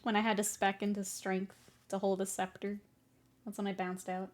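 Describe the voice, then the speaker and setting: A woman's voice: mid-range voice, flat delivery, normal speed. A woman streamer chatting casually with viewers while she paints miniatures. She is playful and rambling, pokes fun at herself, and often breaks into giggles between remarks. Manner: playful, rambling and self-mocking.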